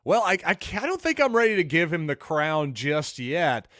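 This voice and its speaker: A man's voice: a little high, big pitch swings, normal speed, sharp tone, no room sound, clean studio sound. Opinionated male sports podcast host. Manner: opinionated, conversational, wry. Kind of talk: solo sports podcast commentary.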